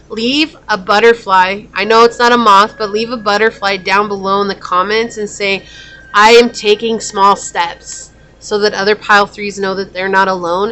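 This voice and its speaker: A woman's voice: medium pitch, a bit bright, a little hiss or hum. A woman giving a pick-a-card tarot reading to her viewers, chatty and openly emotional, saying y'all as she talks. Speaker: tarot reader.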